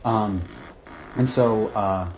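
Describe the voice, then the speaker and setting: Deep-voiced middle-aged Midwestern man, rambling. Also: a little mellow, a little hiss or hum. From Michigan, USA. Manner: rambling, halting with many restarts and fillers. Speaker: client in therapy session. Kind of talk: candid personal account.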